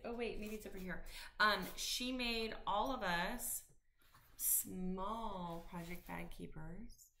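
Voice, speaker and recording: A woman's voice: mid-range voice, gravelly, bright, forceful tone, a little hiss or hum. A woman in her fifties chatting casually to camera about her stitching, rambling with many ums and restarts. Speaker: cross-stitch vlogger.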